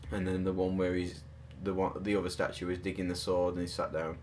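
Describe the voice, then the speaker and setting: A man's voice: sits low, little pitch movement, moderate pace, hardly any pauses, a little mellow, slight background noise. A man hosting a casual chat about collectible statues, rambling and joking at his own expense. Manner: rambling, self-deprecating, jokey. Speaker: podcast host.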